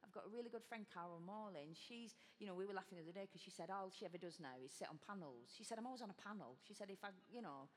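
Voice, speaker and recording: Middle-aged Northern English actress, animated, self-deprecating, husky, live panel in a reverberant hall. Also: female voice, medium pitch, rapid-fire, hardly any pauses. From Northern England. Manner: self-deprecating, animated storytelling with acted quotes. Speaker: panel guest, actor. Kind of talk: candid panel discussion. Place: stage in a large hall before an audience.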